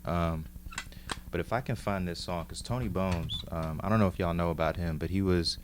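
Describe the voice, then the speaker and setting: A man's voice: low-pitched, fairly even intonation, normal speed, noisy background. A middle-aged man from New York City, casually showing his old mixtapes and musing as he reads the track lists. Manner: laid-back, musing, reads lists aloud. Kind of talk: casual show-and-tell.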